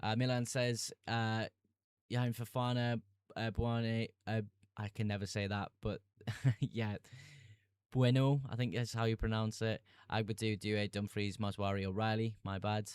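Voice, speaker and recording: A man's voice: fairly low pitch, flat delivery, moderate pace, clean tone, no echo, clean studio sound. A young man streaming live, chatting casually, laughing easily, and answering viewer comments about fantasy football picks.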